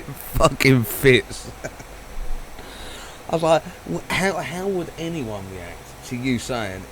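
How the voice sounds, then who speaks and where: A man's voice: mid-range voice, expressive, slow pace, slight background noise, poor audio. A man live-streaming a flight simulator, chatting casually, rambling, swearing and laughing a lot.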